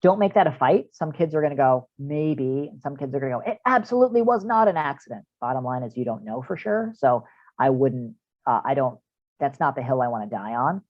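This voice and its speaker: Over a video call, a male counselor gives parents a practical online training talk, speaking conversationally and using lots of fillers. His mid-range voice moves briskly with lively intonation. The audio is dull and dry, with no room sound.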